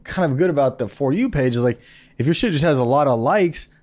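A young man co-hosting a podcast in casual, swearing, jokey chat, often doing quick voices. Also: mid-range voice. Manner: animated, swearing, jokey impressions. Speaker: podcast co-host.

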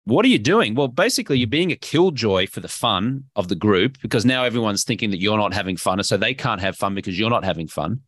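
Australian man, emphatic guest, lively swooping pitch, dry close sound. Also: quick pace, few pauses, no echo. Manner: emphatic, animated, playful. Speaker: podcast guest, health coach. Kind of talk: energetic interview talk.

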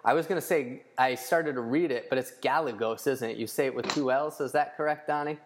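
A man's voice: medium pitch, fast. Man, podcast host, casual chat, loose, profane, filler-heavy.

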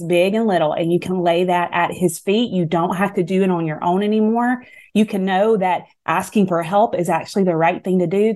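Earnest Southern woman, low voice. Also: darkish tone. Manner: earnest, encouraging, preacherly. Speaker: guest author. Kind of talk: faith talk interview.

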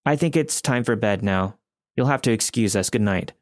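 A man's voice: on the low side, moderate pace, natural voice. A man voicing an annoyed middle-aged mother who ends a conversation curtly.

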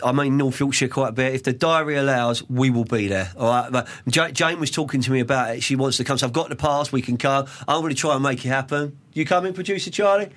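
A man's voice: mid-range voice, fast, hardly any pauses, a bit bright. A man hosting a studio interview in a chatty, matey way, often repeating words as he gets going. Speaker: podcast host. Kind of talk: casual interview chat.

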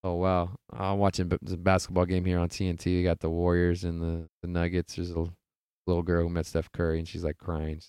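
A young man hosts a casual sports podcast, talking in a loose, rambling way. His voice sits low and sounds smooth and clear, close to the mic in a dry space with no room echo. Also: monotone, a little fast, darkish tone. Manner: laid-back, rambling, heavy swearing and laughter. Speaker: podcast host.

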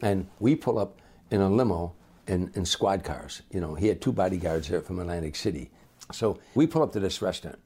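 Older guy telling showbiz stories, kinda husky, acts out voices. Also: deep voice, a little fast. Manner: animated raconteur, acts out voices. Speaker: comedian guest. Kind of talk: anecdotal storytelling in an interview.

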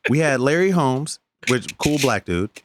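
A man co-hosting a podcast, telling casual stories, animated and profane, often laughing. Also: mid-range voice, measured pace, background noise. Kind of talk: casual storytelling chat.

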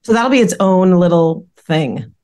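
A woman's voice: fairly low pitch, lively intonation, measured pace, dark tone, smooth. A woman co-hosting a podcast, giggly and affirming in casual chat. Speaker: podcast co-host.

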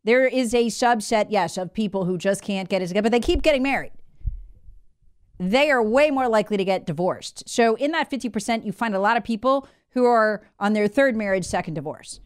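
A woman's voice: medium pitch, brisk, clear, resonant tone, dry recording, clean studio sound. A woman hosting a talk show, delivering an emphatic, opinionated monologue and reading out listener comments. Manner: animated, conversational, emphatic.

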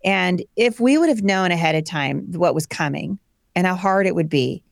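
A woman in her forties, a guest telling personal stories with lively energy and acted-out voices. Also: lowish voice, moderate pace, vocal fry, no echo, clean studio sound. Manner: animated storyteller acting out quoted voices. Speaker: guest, homeschooling mother. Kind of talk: personal storytelling in conversation.

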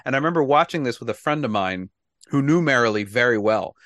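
A man's voice: medium pitch, expressive, fast, fairly bright tone, dry recording, clean studio sound. A man hosting a podcast in casual chat, wry and talkative, laughing at his own jokes. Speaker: podcast host.

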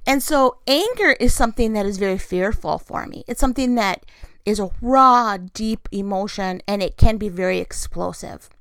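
A woman's voice: medium pitch, a bit bright, dry recording. A woman talking candidly and confessionally about her faith and her life, with laughs as she tells stories. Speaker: christian vlogger. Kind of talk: personal devotional talk.

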